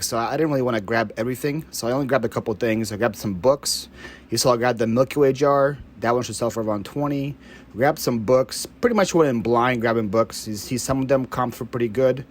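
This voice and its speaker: A young man from the Philadelphia area chatting casually as a reseller vlogger, upbeat and quick to laugh, a little out of breath. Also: medium pitch, slight background noise. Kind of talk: casual vlog chat.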